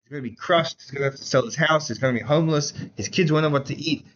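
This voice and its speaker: A man teaching a Chassidus class in a casual, animated storytelling way, saying "like" often. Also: a little high, very fast, highs cut off, a little hiss or hum. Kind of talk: Torah class lecture with storytelling.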